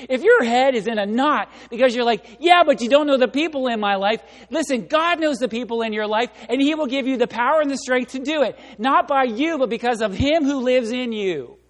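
A man with a high voice preaches to his congregation. He is animated and talks to the room directly, acting out the people he quotes. His voice carries a long reverb, as in a large church sanctuary. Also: moderate pace. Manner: animated, acts out voices and quotes, laughs along. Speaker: pastor. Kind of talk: sermon.

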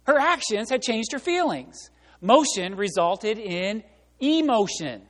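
A man with a high voice preaches to his congregation. He is animated and talks to the room directly, acting out the people he quotes. His voice carries a long reverb, as in a large church sanctuary. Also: gravelly. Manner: animated, acts out voices and quotes, laughs along. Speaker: pastor. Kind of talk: sermon.

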